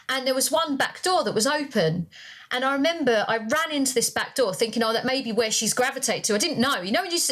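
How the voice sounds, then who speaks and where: A woman's voice: a little high, a bit bright. A woman co-hosting a podcast, rambling through a personal story with many fillers and restarts, close to tears. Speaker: podcast co-host.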